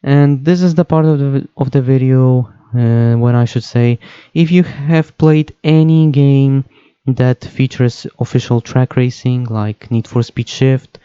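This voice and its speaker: Young man, gaming voice-over, hesitant, smooth clear voice, dry muffled home mic. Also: medium pitch, fairly even intonation, unhurried, mellow, no room sound. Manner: hesitant, many fillers and self-corrections. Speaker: gaming video host. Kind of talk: voice-over game analysis.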